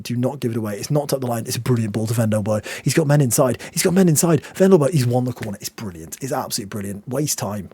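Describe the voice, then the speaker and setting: A young man narrates a football management game. His husky voice sits at an ordinary pitch, recorded close and dry. He lurches from anxious near-whispers to loud, delighted outbursts. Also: no echo. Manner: excitable, swings between hushed nerves and loud outbursts. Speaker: game streamer. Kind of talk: video game commentary.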